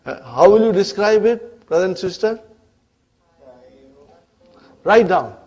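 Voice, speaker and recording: Speaking slowly and expressively, a man with a high-pitched, darkish, slightly rough voice teaches Arabic grammar in a classroom lecture. He checks in with the class again and again ("huh?", "are you with me?") and answers the questions he asks the students.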